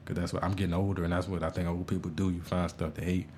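Male podcast host, very low voice, rambling, stammering, self-deprecating. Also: level tone, quick pace, warm tone, a little hiss or hum. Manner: rambling, stammering restarts, frequent swearing. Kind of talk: casual podcast monologue.

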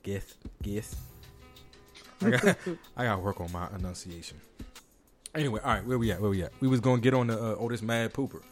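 A man's voice: lowish voice, expressive, quick pace, soft background music. A man hosting a casual podcast, joking around and reading news stories aloud to his co-host.

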